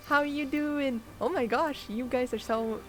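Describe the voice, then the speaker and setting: Woman game master for a casual streamed tabletop game; unhurried and halting, laughs a lot. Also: sits high, soft background music. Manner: slow, hesitant, giggly.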